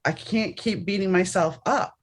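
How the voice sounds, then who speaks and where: A woman's voice: mid-range voice, normal speed, breathy edge. A woman hosting a podcast, speaking emphatically and directly to her listeners. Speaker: podcast host. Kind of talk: casual conversational interview.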